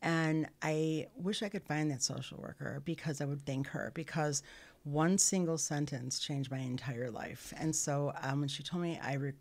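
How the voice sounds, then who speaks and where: A middle-aged woman, a podcast guest, telling her life story candidly, earnest and halting with frequent restarts. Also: deep voice, steady tone.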